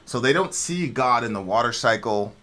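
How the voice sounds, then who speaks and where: Male co-host, bright tone, energetic storyteller who jumps into character voices. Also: moderate pace. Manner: animated storyteller, jumps high to act out characters; talks theology with conviction. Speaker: reaction video co-host. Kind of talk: casual chat.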